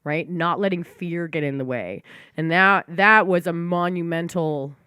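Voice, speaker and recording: A woman podcast host shares a personal story, heartfelt and animated, swearing casually as she nears tears. Her voice sits fairly low, and the sound is dry and close. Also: a little slow, clean tone, no echo. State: teary.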